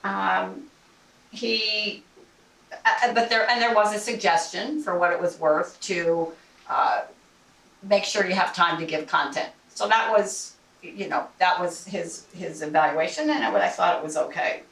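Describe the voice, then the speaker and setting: A woman's voice: fairly low pitch, unhurried, a bit bright. A woman giving the general evaluator's report at a speaking club meeting, chatty, with many restarts and fillers. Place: meeting room. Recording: roomy, distant mic with faint noise.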